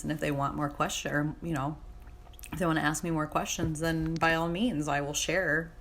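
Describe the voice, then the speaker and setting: A young woman hosting her own podcast, talking candidly and casually, swearing freely and laughing at herself, with a slight cough. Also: sits low. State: has a cough. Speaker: podcast host. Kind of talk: casual solo podcast talk.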